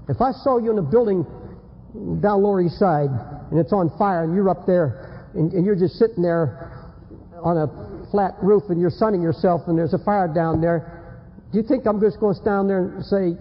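High husky preacher man warning sinners, big churchy reverb on an old dull tape. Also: moderate pace, slight background noise. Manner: urgent, dramatic, swings between shouting and hushed. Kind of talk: fiery revival sermon.

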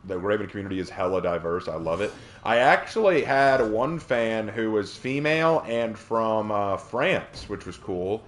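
A man's voice: on the low side, lively intonation, moderate pace, slight background noise. A man from South Carolina hosting a game live stream, chatting in a rambling, jokey way with goofy asides. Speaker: streamer host. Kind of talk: joking live-stream chat while gaming.

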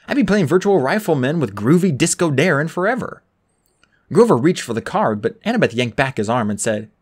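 Reading a first-person novel aloud, this narrator has a mid-range voice with a breathy edge. The performance is lively, giving each character its own voice.

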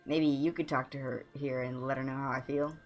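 A woman's voice: rumbling low, steady tone, brisk, soft background music, voice pushed down. Woman doing a lovesick young bard. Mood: dreamy. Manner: gushing, theatrical, sea metaphors. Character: lovesick young male bard, dreamy and flowery.

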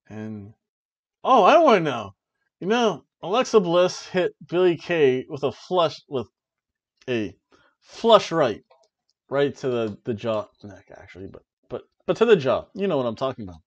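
A man hosting a wrestling review show, talking in an animated, chatty way with offhand asides. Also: a little high, measured pace, muffled recording. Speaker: wrestling review podcast host. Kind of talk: casual chat.

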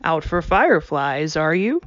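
A woman voicing a jaunty, smooth-talking stranger, a tall man with a light, rich way of speaking. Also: low-pitched, very animated, a little slow, a bit bright, dry recording, muffled recording, full character voice. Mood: genial.

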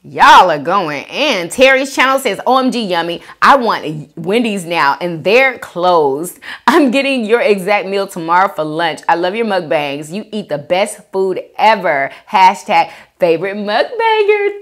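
A woman hosts a casual eating show, reading viewer comments aloud. Her pitch swings widely while she talks at an unhurried pace. She gushes thanks to her viewers between bites. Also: sing-song, a bit bright. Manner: chatty, reads comments aloud and reacts with gushing thanks.

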